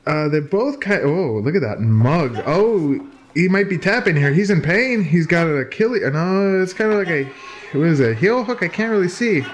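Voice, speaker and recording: A man's voice: high-pitched, animated, normal speed, a little hiss or hum. Casual man commenting on fights. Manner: chatty, joking, many fillers and restarts. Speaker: host commenting on old fight footage.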